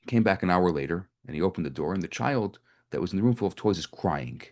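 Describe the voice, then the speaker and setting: A man's voice: deep voice, animated, quick pace, a little mellow. A man giving a sermon as a rabbi, telling stories in a loose conversational way, often restarting and repeating himself. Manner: conversational, with frequent restarts and repetitions. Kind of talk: storytelling sermon to a live group.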